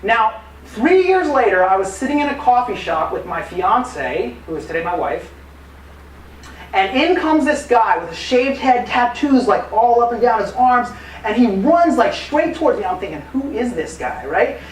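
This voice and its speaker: A man, an apologetics teacher, giving a live conference talk in lively, casual storytelling style with acted quotes and fillers. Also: extremely high pitch, moderate pace. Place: museum conference room. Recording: echoey room, distant mic, faint noise.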